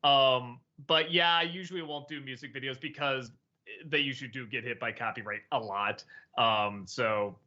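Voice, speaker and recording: A man's voice: mid-range voice, fairly even intonation, normal speed, pushed and bright, muffled recording. A man hosting a casual livestream chat, hesitant and full of ums, who laughs easily. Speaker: show host and reviewer.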